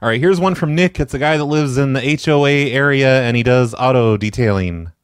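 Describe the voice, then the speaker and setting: A man hosting a prank-call show, talking in a relaxed, chatty way between calls. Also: medium pitch, brisk, clear, resonant tone, no room sound, studio quality. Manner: relaxed, chatty, rambling asides. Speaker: host and prank caller. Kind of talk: casual podcast narration.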